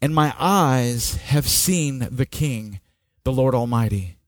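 Guy preaching a sermon, slow and dramatic, goes quiet then loud, middle pitch, dry close sound. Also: dry recording. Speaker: pastor.

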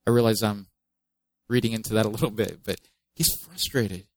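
A man's voice: fairly low pitch, steady tone, normal speed, dry recording, low-quality recording. A man preaching a sermon in a conversational way, reading scripture aloud with emphasis and adding joking asides. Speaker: pastor.

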